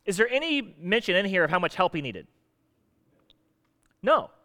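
A man's voice: high voice, big pitch swings, normal speed, bright, forceful tone. A man preaching a sermon, talking conversationally and putting questions to his congregation. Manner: conversational, asks the audience questions. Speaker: pastor. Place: church hall. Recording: echoey hall.

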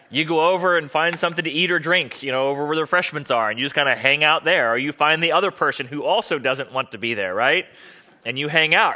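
Bright-voiced male pastor preaching casually. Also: medium pitch. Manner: conversational, joking with the congregation. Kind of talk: sermon.

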